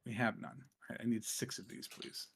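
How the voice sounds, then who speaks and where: A man's voice: fairly low pitch, a little fast, gravelly, slight background noise. A man streaming a game, chatting casually and muttering to himself as he crafts items. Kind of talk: casual gameplay chat.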